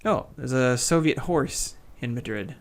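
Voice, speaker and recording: A man's voice: mid-range voice, lively intonation, unhurried. A man giving casual, wry play-by-play commentary on a strategy game he is playing. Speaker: gaming channel host.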